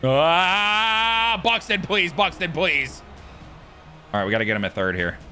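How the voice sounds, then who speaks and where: Man, gameplay commentary, swings all over in pitch, crisp bright tone, excitable, swears. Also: a little slow, faint music behind. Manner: excitable, swears, yells at big plays. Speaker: gaming YouTuber.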